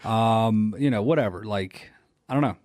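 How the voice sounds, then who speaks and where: A man's voice: fairly low pitch, normal speed, a little mellow, no room sound, clean studio sound. A man co-hosting a podcast, chatting casually and teasing his partner with jokes. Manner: joking, teasing banter. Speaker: podcast co-host.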